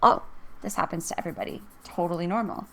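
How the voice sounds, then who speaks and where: A woman's voice: fairly low pitch, quick pace, gravelly, sharp tone. A woman giving a casual, encouraging tarot reading to camera, chatting and thinking aloud as she goes. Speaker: tarot reader.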